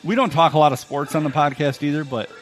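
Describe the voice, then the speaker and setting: A man's voice: on the high side, quick pace, soft background music. A man co-hosting a podcast live from a tavern, teasing his friend with dry sarcasm. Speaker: podcast co-host. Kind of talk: comedic bar banter.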